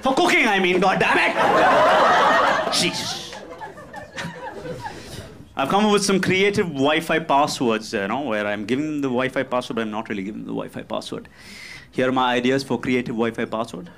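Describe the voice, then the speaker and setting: A man's voice: mid-range voice, quick pace, creaky, a bit bright, a faint crowd, slight background noise. A man performing a stand-up comedy routine, ranting in an exasperated way. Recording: live comedy club with audience laughter.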